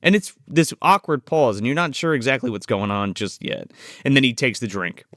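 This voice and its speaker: A man hosting a film review podcast, his pitch swinging widely as he talks. He swears freely and chuckles through his recaps. The sound is dry and close. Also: animated, a little fast, a bit bright, no echo. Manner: swears freely, laughs, recaps scenes playfully. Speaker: podcast co-host. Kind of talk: casual film review chat.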